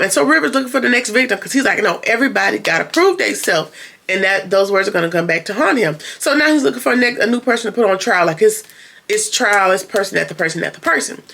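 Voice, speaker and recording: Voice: mid-range voice, creaky, sharp tone. A TV show reviewer giving a chatty, casual episode recap, retelling scenes with quoted lines and plenty of "um" and "like".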